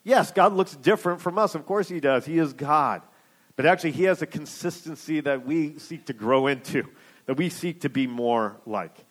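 A man's voice: on the high side, moderate pace, a bit bright. A man preaching a sermon as a pastor, conversational and hesitant, with lots of fillers and frequent "right?" checks.

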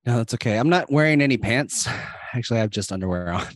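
A man's voice: medium pitch, lively intonation, fast, no echo, clean studio sound. A man co-hosting a podcast in casual chat, making joking asides. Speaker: podcast co-host.

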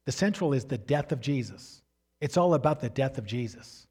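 A man preaching a sermon with emphatic delivery, swinging up and down in pitch and loudness, and referring to slides as he teaches. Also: animated, moderate pace, slightly rough. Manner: emphatic preaching, rising and falling in pitch and volume. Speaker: pastor.

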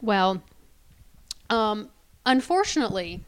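A woman's voice: medium pitch, sing-song, slow, clean tone. A woman co-hosting a podcast in casual chat, chatty and prone to trailing off and restarting. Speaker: podcast co-host.

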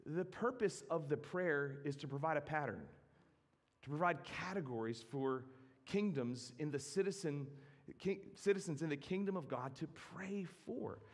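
A man preaching a sermon as a pastor, measured and reflective, with occasional restarts. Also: a little high, in a large hall.

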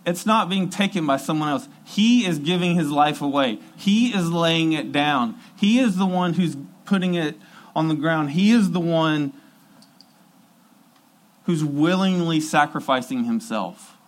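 An earnest male preacher delivering a sermon with emphasis, circling back to repeat his key phrases. His voice sits slightly high for a man. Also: a little slow, low-quality recording.

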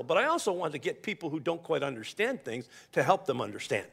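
A male pastor preaching in an easy, conversational way, trading stories as he teaches from scripture. His voice sits a little high for a man and carries a gravelly edge, and he often stumbles into restarts. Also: very animated, quick pace, fairly bright tone. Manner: conversational preaching with personal stories and repeated starts. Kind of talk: sermon.

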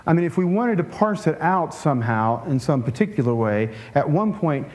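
A man preaching a conversational sermon in a relaxed way, with joking asides and frequent restarts. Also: fairly high pitch, normal speed. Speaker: pastor.

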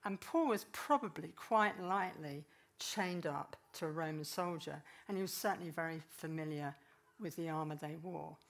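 A woman preaching with a fairly low voice. She tells the story in a lively, animated way, dropping in the voices of the people she describes. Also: moderate pace. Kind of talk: sermon.

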